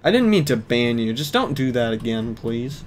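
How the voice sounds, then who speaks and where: A man's voice: medium pitch, sing-song, normal speed, a little hiss or hum. A man live-streaming a game, chatting casually with ironic, mock-pompous self-deprecating humor.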